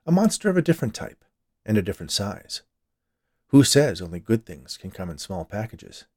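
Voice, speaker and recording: A man hosting his own podcast and narrating a short story, expressive and voicing characters. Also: fairly low pitch, moderate pace.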